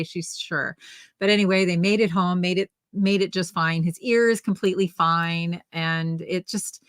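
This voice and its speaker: A woman's voice: mid-range voice, moderate pace, fairly bright tone, dry recording, clean studio sound. An older woman co-hosting a casual knitting livestream, telling a family story in a chatty way with restarts.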